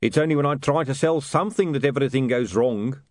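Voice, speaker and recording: A man's voice: medium pitch, fast, no echo, clean studio sound, voice pushed up, lightly acted. A man voicing a shifty, wheedling street hawker in an audiobook.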